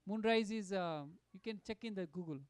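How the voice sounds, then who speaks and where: A man giving a devotional storytelling talk at a satsang, animated and full of fillers and restarts. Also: sits high, a little fast, clear, resonant tone. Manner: animated, acts out quotes, many fillers and restarts. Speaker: satsang speaker.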